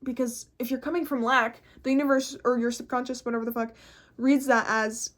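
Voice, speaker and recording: High-voiced woman, blunt and foul-mouthed. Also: a little fast. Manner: blunt, swears constantly, animated. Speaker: host. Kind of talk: casual vlog chat.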